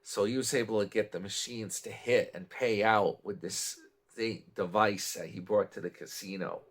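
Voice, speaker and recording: A man's voice: fairly low pitch, fairly even intonation, normal speed. A man from New York chatting casually in a meandering morning vlog, trailing off and restarting. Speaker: vlogger. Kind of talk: casual rambling morning chat.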